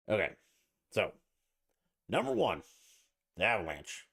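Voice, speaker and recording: A man's voice: low-pitched, big pitch swings, normal speed, creaky, pauses often, a bit bright. A man hosting his own podcast alone, talking in a blunt, irritated and profane way. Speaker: podcast host. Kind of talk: casual solo podcast rant.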